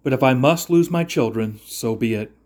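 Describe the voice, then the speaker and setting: A man's voice: medium pitch, lively intonation, normal speed, darkish tone, lightly acted. A man voicing a grieving, white-haired old father who fears losing his sons, read with lamenting, pleading lines. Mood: resigned. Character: grieving aged father, fearful and protective.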